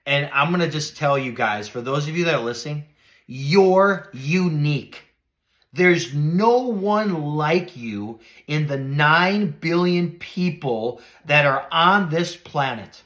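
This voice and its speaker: Man, middle-aged, high voice, podcast host, motivational, earnest, preacherly, soft lows and emphatic highs. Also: animated, a little slow.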